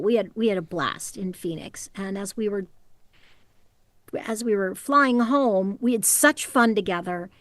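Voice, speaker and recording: A middle-aged woman voice actor talking in a casual interview from her home closet booth, animated and quick to slip into character voices. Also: medium pitch, no room sound. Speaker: voice actor guest.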